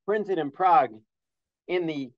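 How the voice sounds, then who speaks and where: A man's voice: on the high side, takes it slowly, dry recording. A middle-aged man teaching a scholarly holiday lesson, earnest and detailed in citing sources, with frequent uhs. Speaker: religious teacher. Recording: dull, dry lo-fi recording.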